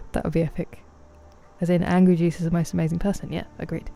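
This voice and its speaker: A chatty young woman live-streaming a game, greeting her viewers by name with playful banter. Her voice is low and mellow, and faint game music sits underneath. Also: creaky. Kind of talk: casual live-stream chat while gaming.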